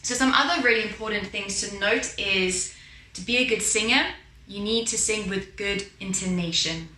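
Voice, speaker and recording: A woman's voice: mid-range voice, moderate pace, sharp tone, reverberant, a little hiss or hum, poor audio. A woman vocal teacher explaining singing technique patiently, often checking in with the listener and breaking into short sung examples. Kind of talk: instructional talk with sung demos.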